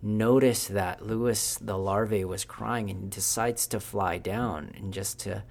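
A man's voice: on the low side, fairly even intonation, measured pace, creaky. A man telling an improvised story in a casual, unscripted way, with fillers along the way.

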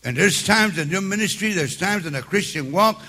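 A man in his seventies preaching a sermon, telling his own stories in a streetwise way and building up to shouted exhortation. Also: sits high, animated, moderate pace. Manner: streetwise, repeats words at restarts.

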